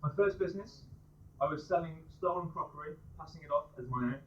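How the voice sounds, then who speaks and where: A man from the West Midlands doing a stand-up comedy set at a pub comedy night, firing off quick pun one-liners. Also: on the high side, highs cut off, slight background noise. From West Midlands, England.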